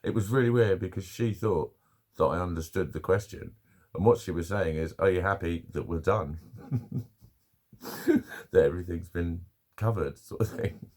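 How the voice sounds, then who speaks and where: A man's voice: low voice, normal speed, pauses often, a little mellow, husky. A middle-aged man, chatting casually to camera at home, swearing freely and laughing at his own stories. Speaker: vlogger.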